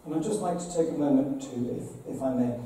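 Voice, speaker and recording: A bishop addresses an assembly in an earnest, conversational way, dramatically retelling stories. His voice sits at a medium pitch with a dark tone, and he talks fairly quickly. The hall is very echoey, so he sounds far off, with faint noise in the background.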